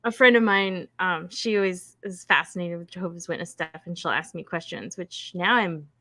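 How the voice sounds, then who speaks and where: A woman's voice: on the low side, moderate pace, bright, forceful tone. A woman in a casual live-stream chat who giggles often and makes wry, trailing asides.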